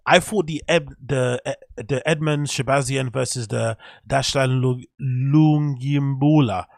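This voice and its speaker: Gravelly English man ranting. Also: medium pitch, steady tone, slow, no room sound. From England. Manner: frustrated ranting, swearing. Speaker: show host. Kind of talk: casual solo commentary.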